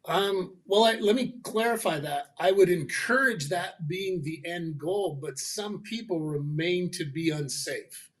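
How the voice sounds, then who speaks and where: A man with a fairly high voice explains his ideas as a guest on a faith-based talk show. He tells his examples in a lively way and acts out the voices of the people he quotes. His voice sounds a little distant from the mic. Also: a little slow, hardly any pauses. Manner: animated storyteller, acting out quoted voices. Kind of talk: conversational explanation.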